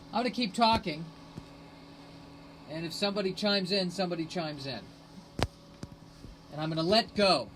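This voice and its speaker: A man hosting a rambling solo live stream on his phone, sarcastic and self-mocking, bursting into shouted rants. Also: sits high, slight background noise, low-quality recording. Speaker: podcast host streaming live.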